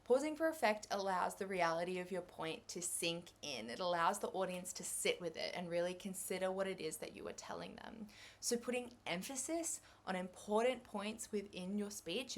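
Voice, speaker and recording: A young Australian woman giving a revision lecture on English exam skills, chatty and upbeat, with light laughs. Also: fairly low pitch.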